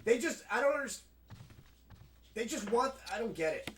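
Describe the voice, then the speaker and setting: High-voiced man ranting while gaming. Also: sing-song, moderate pace, fairly bright tone, a little hiss or hum. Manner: rambling, frank, swears often. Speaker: gaming streamer. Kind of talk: casual commentary while playing.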